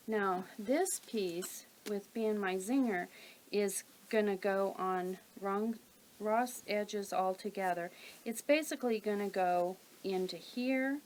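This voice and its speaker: Slow, calm woman teaching sewing. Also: medium pitch, slight background noise, poor audio. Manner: calm, methodical, talks while working. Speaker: quilting instructor. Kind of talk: step-by-step sewing tutorial.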